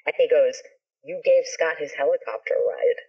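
A woman's voice: low voice, normal speed, breathy edge. A woman guest on a video call, telling a story in casual chat, swearing freely and acting out what people said. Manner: animated, swears freely, acts out quotes. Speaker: guest, ska musician and actor. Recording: dull lo-fi video call audio.

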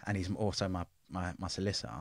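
Blunt, swearing man, low voice. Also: little pitch movement, quick pace, dry recording. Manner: blunt, swearing, street slang, intense. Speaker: interview guest. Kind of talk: candid life-story interview.

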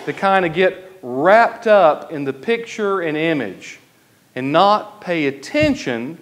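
A man, an Episcopal priest, preaching a sermon in a church, slow and deliberate, stretching key phrases for emphasis. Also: a little high.

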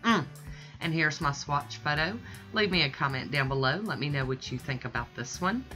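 Very low-voiced, bright-toned woman vlogger. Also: lively intonation, moderate pace, soft background music. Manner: chatty, gushing, self-deprecating. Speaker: nail art vlogger. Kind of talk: casual tutorial narration.

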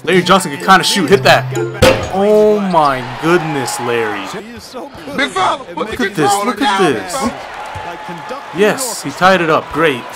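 A young man reacts loudly to his own basketball game, a touch high in pitch, shouting and half-singing whenever a play lands. Background music runs steadily under his voice. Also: animated, unhurried, long pauses. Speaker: gaming YouTuber. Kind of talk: excited gameplay commentary.

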